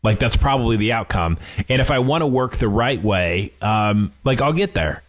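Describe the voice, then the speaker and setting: A man's voice: medium pitch, animated, moderate pace. A young man hosting a casual podcast, talking in a rambling way with lots of fillers. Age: young adult. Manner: rambling, many fillers and restarts. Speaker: podcast host.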